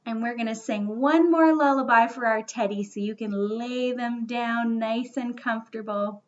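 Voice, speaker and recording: A young woman, a children's librarian reading a bedtime story aloud, gently and playfully coaxing little listeners to join in. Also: on the high side, normal speed, few pauses, lo-fi sound. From Canada.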